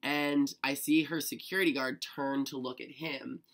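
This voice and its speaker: Excitable young man with a gravelly edge. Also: medium pitch, normal speed. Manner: excitable, chatty, fillers of "like". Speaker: vlogger. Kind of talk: casual storytelling to camera.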